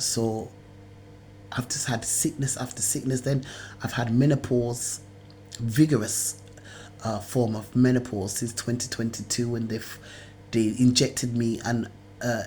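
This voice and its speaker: A woman's voice: a bass voice, dark tone, slight background noise. A woman in an agitated monologue to camera, her words tumbling out in long run-on chains. She repeats herself, restarts phrases and drops curses freely as she rambles on. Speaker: video blogger.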